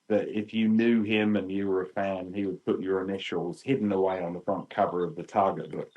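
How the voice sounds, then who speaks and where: A man in his fifties with a British English accent, chatting as a podcast guest. He tells his stories with animated energy and slips into the voices of the people in them. His voice sits a little low. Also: brisk, hardly any pauses, lo-fi sound. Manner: animated, acts out quotes. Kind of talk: storytelling chat.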